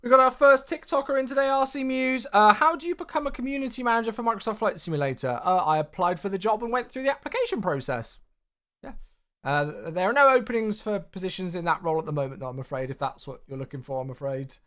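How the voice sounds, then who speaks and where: A man's voice: animated, fast. A man, livestreaming a flight simulator and chatting casually as he greets his viewers one by one. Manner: upbeat, chatty, big swings in pitch and loudness.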